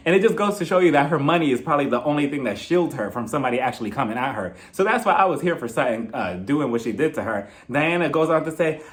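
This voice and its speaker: A young man talks through a reality show episode in a sassy, gossipy way, slipping into quoted lines from the cast. His voice sits a little high and swings up and down a lot as he acts them out. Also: expressive, fast talker, hardly any pauses. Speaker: reality TV recap host. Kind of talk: casual recap commentary.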